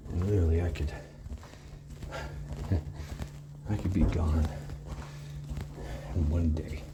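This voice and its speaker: A man's voice: sits low, fairly even intonation, takes it slowly, heavy background noise. A man rambling casually to his viewers in a vlog, swearing now and then, out of breath and sweaty while moving out. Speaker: vlogger. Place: outdoors, hot day, moving out of an apartment.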